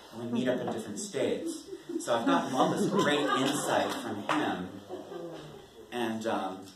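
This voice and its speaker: A man's voice: medium pitch, far from the mic, slight background noise. Man talking wryly in an echoey room. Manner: rambling, wry, laughs often. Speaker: poet. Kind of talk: casual talk to an audience. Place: performance venue.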